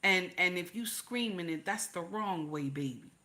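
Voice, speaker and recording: At a moderate pace, an older woman fronts a live stream of informal relationship advice for viewers. Her manner is animated, she hammers her points through repetition, and she turns low and confiding for emphasis.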